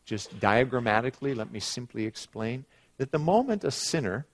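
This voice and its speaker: A middle-aged man preaching a sermon, moving from quiet asides to loud, emphatic passages and telling stories. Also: mid-range voice, very animated, moderate pace. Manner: storytelling with acted quotes.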